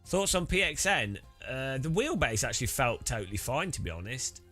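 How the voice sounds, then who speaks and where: A man's voice: mid-range voice, sing-song, normal speed, sharp tone, faint music behind. A British man chatting casually while setting up racing gear, rambling with many restarts. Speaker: sim racing streamer.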